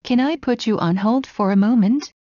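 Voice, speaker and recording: A woman slowly reading everyday English phrases one at a time for learners. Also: on the high side, mellow, no echo, lo-fi sound. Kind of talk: slow scripted phrase reading.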